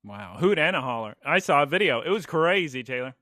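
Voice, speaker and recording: Casting: male podcast co-host, bright forceful tone, jokey and animated, dry close mic. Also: a little high, no echo. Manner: animated, jokey, quick asides. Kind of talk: casual chat.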